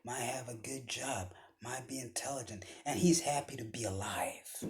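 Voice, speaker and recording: A man giving a motivational speech with a preaching cadence, often dropping his voice to a hushed whisper for emphasis. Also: mid-range voice, normal speed, hardly any pauses. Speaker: motivational speaker.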